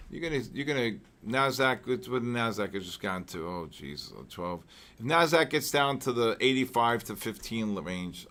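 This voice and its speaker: A man's voice: medium pitch, a bit bright. Male trading-show host, live market talk, rambling and repetitive, prone to exclamations. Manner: rambling, repeats himself, frequent throat clearing; exclamatory asides.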